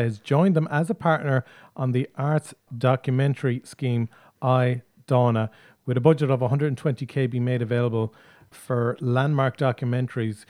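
A man's voice: medium pitch, a little mellow, no room sound, clean studio sound. Male host reading film news. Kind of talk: radio presenting and news reading.

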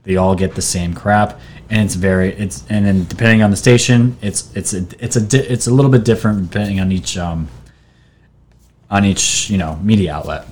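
A man's voice: fairly low pitch, fairly even intonation, fairly quick, darkish tone. A man hosting his own video channel, talking casually and rambling while reading posts and articles off his screen, with restarts and fillers. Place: New York.

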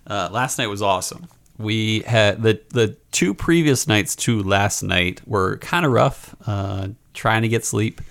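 Male podcast host, lowish gravelly voice, relaxed and jokey. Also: unhurried. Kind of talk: casual chat.

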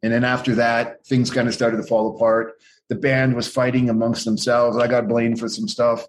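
A man's voice: mid-range voice, little pitch movement, normal speed. A middle-aged man in a casual interview, telling rambling, profane stories and acting out what others said. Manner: profane, rambling, acts out quoted voices. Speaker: guest, former pro wrestler.

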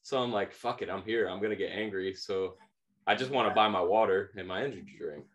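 A man's voice: low voice, fairly quick. A man in his thirties co-hosting a podcast, telling a story casually, laughing often and acting out the people in it. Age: 30s. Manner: animated, laughs often, acts out quoted voices. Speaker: podcast co-host.

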